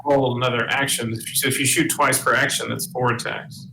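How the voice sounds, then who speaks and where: Gravelly, flat-voiced male player. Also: mid-range voice, a little fast, slight background noise, rough recording. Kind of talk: casual tabletop game chat.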